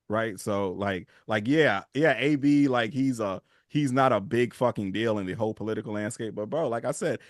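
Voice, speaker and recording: Man, co-host, lively swings in pitch, dry close mic, profane. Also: no echo. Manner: profane, animated, says "bro" a lot. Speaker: podcast co-host. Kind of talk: casual sports chat.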